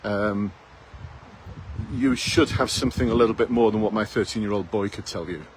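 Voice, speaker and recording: A man's voice: on the low side, moderate pace, background noise. A man in his fifties, a police recruitment coach giving blunt, challenging advice full of rhetorical questions, recorded outdoors in a town. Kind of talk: direct advice to camera.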